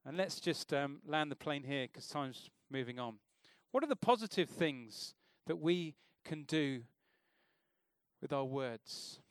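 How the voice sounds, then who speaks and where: A man's voice: a little high, animated, slow, smooth, no echo. Guy preaching in church, chatty, keeps asking the crowd stuff, dry close sound. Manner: conversational, asks the congregation questions. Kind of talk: informal sermon.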